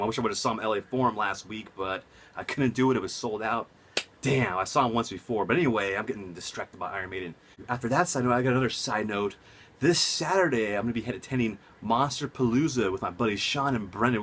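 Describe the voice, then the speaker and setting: A young man, casually reviewing movies at home, rambling and excitable with lots of side notes. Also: mid-range voice, a little hiss or hum. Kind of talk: casual enthusiastic vlog. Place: home room.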